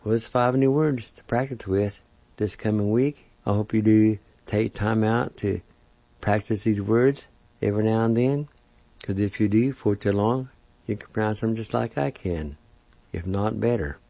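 A man teaching a language lesson, saying each word slowly and carefully and repeating it several times. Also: fairly low pitch, gravelly, mellow, no echo. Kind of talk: slow pronunciation lesson. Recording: dull lo-fi recording.

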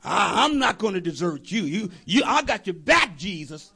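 A man's voice: sits high, very animated, moderate pace, creaky, bright, forceful tone, husky, full character voice. A man voicing an eager, boastful male disciple who protests his loyalty in a chatty, stammering way.

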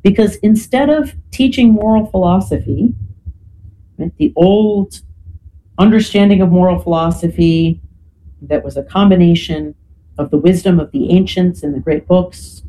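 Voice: medium pitch, normal speed, warm tone, a little hiss or hum, low-quality recording. A lecturer giving an explanatory talk, often checking in with "right?" and filling gaps with "you know".

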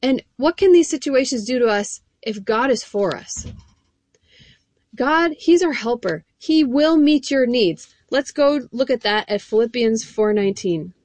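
A woman's voice: fairly high pitch, lively intonation, unhurried, darkish tone, dry recording. Earnest woman preaching with a dry close sound. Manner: earnest, emphatic, addresses listeners directly. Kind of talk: sermon with scripture reading.

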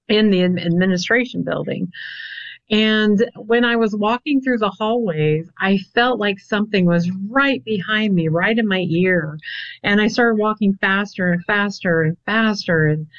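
A woman's voice: mid-range voice, no echo, dull audio. A woman answering interview questions, telling stories in a chatty, easygoing way and laughing easily. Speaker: paranormal investigator guest.

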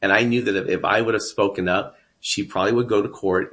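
A man's voice: lowish voice, steady tone, fast talker, fairly bright tone. A man from Texas telling his life story as a guest, earnest and emphatic. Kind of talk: personal storytelling.

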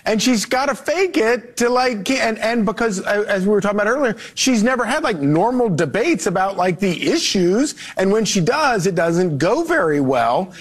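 A man on a TV panel mocks with gushing sarcasm and frequent restarts. His voice is somewhat high for a man. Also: very animated, moderate pace, few pauses. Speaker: TV panel guest. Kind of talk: TV panel commentary.

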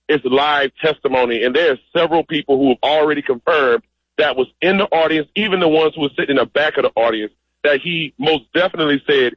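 A man's voice: a little high, slightly rough, no room sound. A man speaking as a guest on a radio call-in show over the phone, emphatic and direct. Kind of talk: call-in interview. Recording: muffled phone line.

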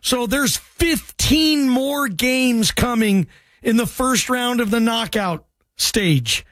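A man hosting a sports call-in radio show, energetic and jokey with loose banter. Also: very high-pitched, slow pace, no room sound. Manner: energetic, loose, jokey, calls callers bro.

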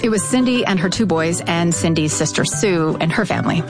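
A woman narrating a scripted documentary in a measured, even way. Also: on the low side, over music.

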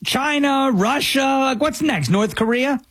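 A man's voice: very high voice, a little slow, fairly bright tone, dry recording. A man giving sarcastic, incredulous commentary on a news story.

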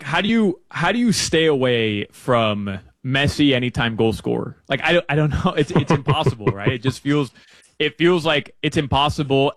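A man talking casually as a soccer betting analyst, chatty and prone to jumping up in pitch when excited. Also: no room sound. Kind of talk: casual sports betting chat.

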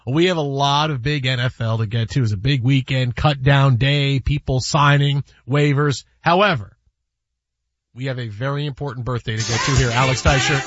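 A man's voice: medium pitch, fairly even intonation, moderate pace, a bit bright, highs cut off. A man hosting a sports radio show in a studio, talking in emphatic, playfully dismissive banter that keeps repeating its point.

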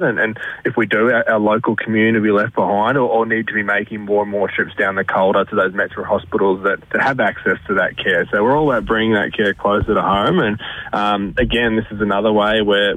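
A man's voice: lowish voice, no room sound. An Australian man, a hospital fundraising director, talking earnestly on a radio call-in and restarting his sentences often. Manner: earnest and fast, with many restarts. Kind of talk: radio interview over the phone. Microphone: telephone. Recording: tinny dry phone line.

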